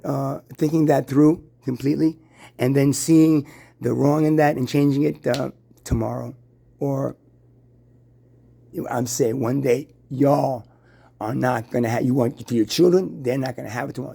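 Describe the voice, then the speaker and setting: Gravelly, husky male voice with a dark tone, rambling and preachy, full of restarts and rhetorical questions. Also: a little high. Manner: halting, restarts and stammers.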